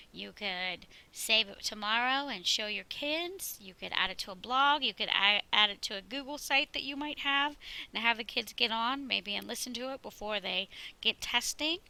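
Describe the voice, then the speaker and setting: A woman's voice: a little high, sharp tone, smooth, rough recording. A woman teacher talking through a screen-recorded tutorial, chatty and walking through each step. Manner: chatty, walks through steps.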